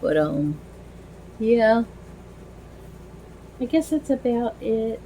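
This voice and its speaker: A woman's voice: a little high, sing-song, very slow, warm tone, slight background noise, rough recording. A middle-aged woman chatting casually on her home video, rambling with many fillers and restarts. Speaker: vlogger. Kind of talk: casual chat while dressing a doll.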